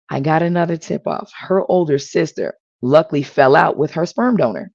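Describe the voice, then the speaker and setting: Earnest woman with a gravelly voice. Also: low-pitched, normal speed, few pauses, darkish tone, dry recording. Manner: earnest, emotional storytelling. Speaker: panel guest sharing her story. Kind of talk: personal testimony. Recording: dull lo-fi audio.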